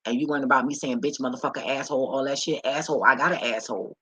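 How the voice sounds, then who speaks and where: Bright, husky-voiced woman, preachy and blunt, lecturing the viewer. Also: very deep voice, steady tone, racing, no room sound, poor audio. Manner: emphatic, preachy, profane, talks straight to viewer. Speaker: vlogger. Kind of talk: blunt profane advice rant.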